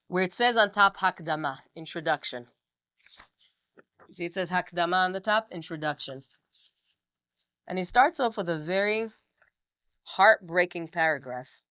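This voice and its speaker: A woman's voice: fairly low pitch, fairly bright tone, dry recording. A woman teaching a text study class, reading passages aloud with feeling and then explaining them.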